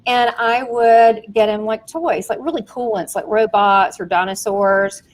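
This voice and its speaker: Upbeat woman podcast host, fairly high voice, animated, laughs a lot. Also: unhurried, rough recording. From Southern United States. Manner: animated, giggly storyteller. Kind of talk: casual chat.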